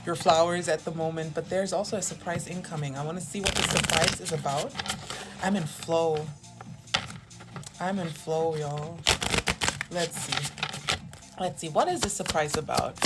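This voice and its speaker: Chatty young woman reading tarot. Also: lowish voice. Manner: chatty and rambling, self-mocking asides. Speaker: tarot reader. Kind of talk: casual tarot reading vlog.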